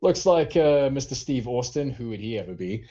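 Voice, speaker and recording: A man's voice: mid-range voice, expressive, moderate pace, mellow, dull audio. A man co-hosting a wrestling podcast in casual chat, rambling through stories with many fillers. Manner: rambling, filler-heavy storytelling. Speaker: podcast co-host.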